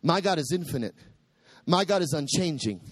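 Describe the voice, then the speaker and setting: A male preacher delivers his sermon in a high, lively voice that leaps up and down. He quotes scripture with dramatic flair and climbs to shouted peaks. The sound is dry and close, with no room echo. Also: normal speed. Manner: preaching with soaring pitch and sudden shouted peaks.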